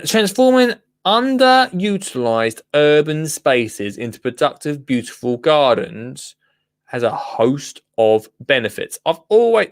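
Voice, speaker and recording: A man's voice: fairly high pitch, no echo, studio quality. A man hosting a gardening show, chatting casually through the news with rambling asides. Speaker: gardening podcast host. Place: radio studio.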